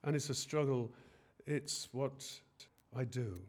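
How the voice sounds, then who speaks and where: A man's voice: mid-range voice, fairly even intonation, takes it slowly, a little mellow. A man preaching a sermon in an earnest way, often hesitating and rising in force on key phrases.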